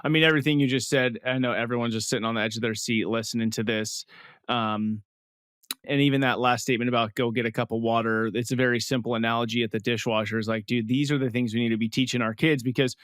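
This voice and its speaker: A man's voice: medium pitch, fairly even intonation, fast talker, a bit bright, smooth, no echo, clean studio sound. A man hosting a podcast interview, asking questions in an enthusiastic, informal way. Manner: enthusiastic and informal, peppered with "like" and "dude". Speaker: podcast host. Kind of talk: casual interview conversation.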